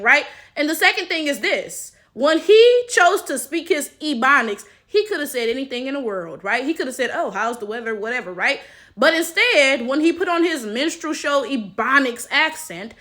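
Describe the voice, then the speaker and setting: A woman's voice: high-pitched, sharp tone. Emphatic, sarcastic commentary woman. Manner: emphatic and sarcastic, constant tag questions. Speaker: commentary channel host. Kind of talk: reaction commentary.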